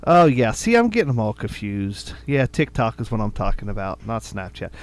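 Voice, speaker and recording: A middle-aged podcast co-host with a lowish voice talks at a moderate pace, his pitch swinging widely. He chats in an easygoing, rambling way, often repeating words.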